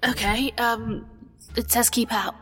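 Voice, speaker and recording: A woman's voice: on the high side, level tone, takes it slowly, a bit bright. A woman playing a tabletop role-playing game, speaking in character in a playful, hesitant way with many restarts. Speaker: player. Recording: long reverb, faint music behind.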